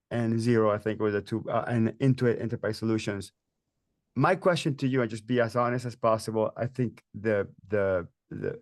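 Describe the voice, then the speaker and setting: A man's voice: on the low side, dry recording. Dry-sounding enthusiastic male host. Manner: enthusiastic, talks in bursts with many restarts and fillers. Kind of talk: webinar interview.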